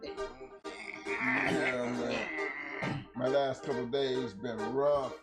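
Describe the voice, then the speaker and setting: A man hosting a casual talk show, hoarse from losing his voice, explaining his points at length in a laid-back, slangy way. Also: mid-range voice, very animated, extremely slow. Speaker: host. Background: music.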